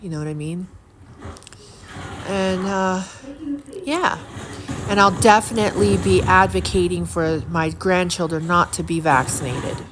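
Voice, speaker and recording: A woman's voice: fairly low pitch, moderate pace. A middle-aged woman talking to camera in a rambling, indignant way, with many fillers and repeated words. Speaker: vlogger. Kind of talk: casual monologue to camera. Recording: steady audible background noise.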